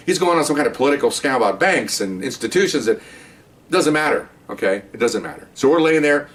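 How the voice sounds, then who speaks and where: An older man recounts an old police call in a loose, rambling way, now and then acting out the yelling. He talks quickly and sits a little back from the mic, so the voice sounds slightly distant. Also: medium pitch. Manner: rambling, animated, acts out shouted commands. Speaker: retired police officer telling stories. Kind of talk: casual storytelling.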